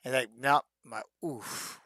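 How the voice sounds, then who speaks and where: A middle-aged man, a retired fighter, answering fan questions in a casual live-stream chat, telling stories and acting out shouted quotes. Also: medium pitch, a little slow, no echo, studio quality. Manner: animated storyteller who acts out shouted quotes, peppered with "man".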